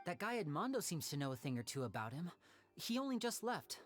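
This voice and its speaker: A woman voicing a calm, level-headed young female adventurer in a video game. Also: lowish voice, faint music behind. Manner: calm, measured.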